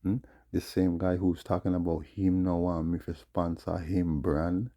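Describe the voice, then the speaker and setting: Ranting guy, low rough husky voice, goes off on tangents. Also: level tone, a little slow, mellow, muffled recording. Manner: rambling, indignant, swears and mutters asides. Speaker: vlogger. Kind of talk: ranting monologue.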